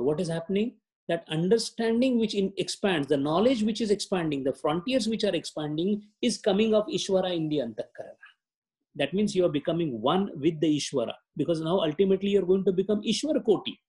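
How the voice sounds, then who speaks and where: High-voiced man giving a spiritual lecture. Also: darkish tone. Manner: slow, deliberate explanation with Sanskrit terms. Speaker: yoga sutra teacher.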